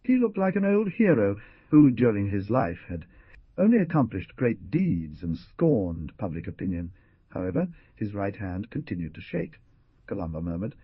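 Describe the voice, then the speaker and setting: A man reading a novel aloud as an audiobook narrator, in a measured storytelling manner. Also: fairly low pitch, sing-song, husky, no echo, muffled recording. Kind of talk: scripted narration.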